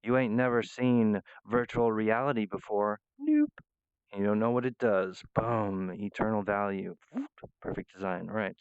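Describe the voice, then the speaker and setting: Low, smooth-voiced rambling man. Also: big pitch swings, unhurried, no room sound, lo-fi sound. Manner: rambling, profane, restarts mid-phrase. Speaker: vlogger. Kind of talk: rambling monologue.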